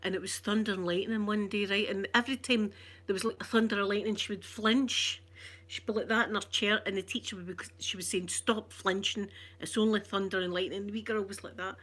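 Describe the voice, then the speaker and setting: A Scottish woman telling a childhood story in chatty, animated ASMR style, often laughing. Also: medium pitch, fast.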